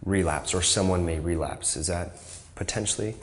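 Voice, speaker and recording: A man with a low-pitched voice asks questions as the interviewer. He listens attentively and sums up the answers in his own words before checking if he has them right. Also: normal speed.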